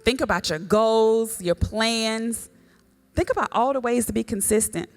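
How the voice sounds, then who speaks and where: A woman with a fairly high voice leads a motivational faith talk for a live group. She preaches in call-and-response style, rallying the audience as a mentor and coach. The sound rings with long reverb from an event hall. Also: measured pace.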